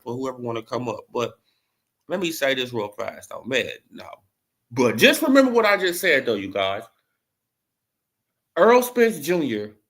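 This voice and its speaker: A man's voice: a little high, a bit bright. A man hosting a casual boxing commentary stream, talking loosely and tagging points with rhetorical "right?". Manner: loose and repetitive, tags lines with "right?". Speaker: host.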